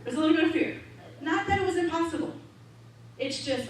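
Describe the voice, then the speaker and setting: Animated woman preaching in an echoey hall. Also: very high-pitched, a little fast. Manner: animated, laughs often, acts out quotes. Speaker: minister giving a talk. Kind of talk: storytelling sermon. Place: large hall of a spiritual center. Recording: echoey hall, distant mic, faint hum.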